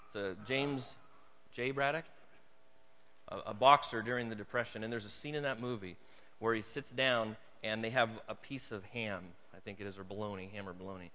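A man preaching a sermon to a congregation, swinging from hushed storytelling to loud, emphatic points. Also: fairly low pitch, fairly even intonation, normal speed, big-room sound, highs cut off. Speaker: pastor. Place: church hall.

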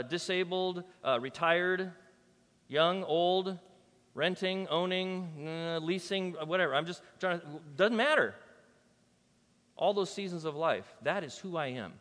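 A man's voice: high-pitched, pushed and bright. Guy preaching a sermon, chatty, jokes with the crowd, big echoey church hall. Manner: conversational, banters with the congregation. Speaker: pastor.

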